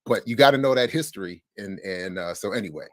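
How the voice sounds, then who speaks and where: A man's voice: lowish voice, lively intonation, brisk, a bit bright, no echo. A man co-hosting a morning show, telling a story in casual chat with many stammered restarts. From United States. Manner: storytelling, stammering restarts, laughs through lines. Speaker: co-host.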